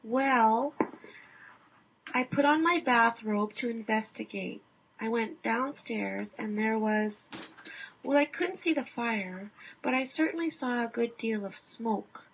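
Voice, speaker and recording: A man's voice: extremely high pitch, vocal fry, slight background noise, full character voice. A woman voicing a modest Canadian man who hedges and halts while describing a hotel fire. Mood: hesitant. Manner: hedging, halting, understated. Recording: dull lo-fi recording.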